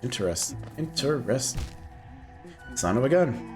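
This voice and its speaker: A male game streamer talking through his play in a chatty, playful way. His pitch swings widely and expressively, sitting in a middle register, with faint music underneath. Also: big pitch swings, normal speed. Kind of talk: casual gameplay commentary.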